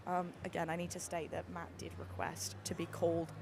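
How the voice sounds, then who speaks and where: A woman doing live sports commentary, excitable and gushing, with lots of fillers and restarts. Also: on the low side, fairly quick, creaky. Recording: busy venue noise behind.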